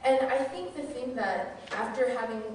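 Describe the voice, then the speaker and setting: A woman's voice: a little high, lively intonation, moderate pace, darkish tone, slight background noise. A woman who teaches, giving a candid, self-deprecating personal testimony as a sermon. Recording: very echoey hall, mic far off.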